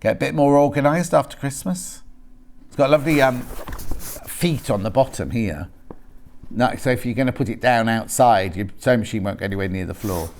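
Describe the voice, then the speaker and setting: Lively chatty shopping presenter man. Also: medium pitch, moderate pace, a little hiss or hum. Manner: chatty, jokey, bantering with off-camera crew. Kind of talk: live TV sales patter.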